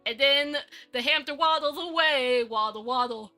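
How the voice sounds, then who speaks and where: A woman's voice: high-pitched, normal speed, sharp tone, soft background music. A woman live-streaming, rambling playfully and talking to herself while she works on a 3D model. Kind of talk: casual live-stream chat.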